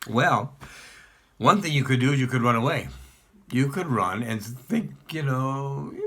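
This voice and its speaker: A man's voice: medium pitch, animated, measured pace, a bit bright, husky. A man speaking as a rabbi, giving a sermon built around a parable and putting questions to his listeners. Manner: storytelling, asks the listeners questions.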